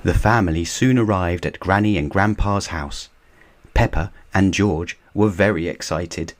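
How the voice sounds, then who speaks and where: A man reading a children's picture book aloud at a slow, unhurried pace. His voice is low and deep, and his delivery stays measured and even. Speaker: narrator. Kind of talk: storybook reading.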